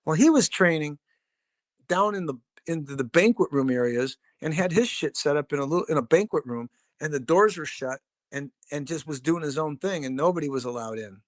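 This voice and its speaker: A middle-aged man with a somewhat high voice recounts old stories in a loose, rambling way, swearing freely and padding his sentences with fillers. The sound is dry and close, with no room around it. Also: lively intonation, brisk, no echo. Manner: rambling, profane, laid-back storyteller with many fillers. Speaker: podcast guest, drummer. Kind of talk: casual storytelling.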